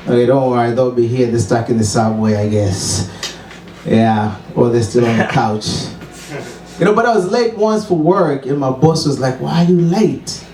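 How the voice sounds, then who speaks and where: Zimbabwean comic in an echoey room. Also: male voice, medium pitch, normal speed, warm tone, a little hiss or hum. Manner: wry, self-mocking, chuckles at own jokes. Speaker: stand-up comedian. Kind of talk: stand-up set. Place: small comedy open mic venue. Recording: echoey room, distant mic.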